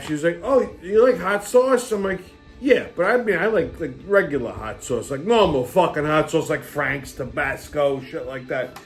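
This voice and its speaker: A middle-aged host spins a rambling, foul-mouthed story and breaks into laughter often. His voice sits high for a man. Faint music plays underneath. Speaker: podcast host. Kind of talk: casual storytelling monologue.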